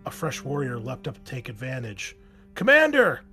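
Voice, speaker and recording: A man narrating a fantasy war story in a steady, measured storytelling manner, over faint music. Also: mid-range voice.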